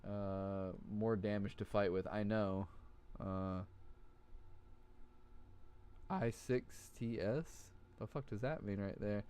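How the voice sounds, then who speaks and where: A man's voice: on the low side, slow pace, long pauses, a little mellow, clear, resonant tone. A man streaming live, joking and cursing while reading game text aloud and commenting on his play. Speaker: streamer playing a horror game.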